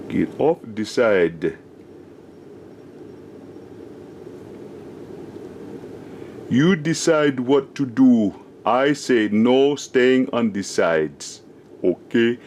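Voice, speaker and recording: A man putting on a slow, drawn-out mock-commanding accent to boss stubborn bubbles, speaking away from the mic. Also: medium pitch, animated, darkish tone, slight background noise. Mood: mock-stern. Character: stern man bossing stubborn bubbles around.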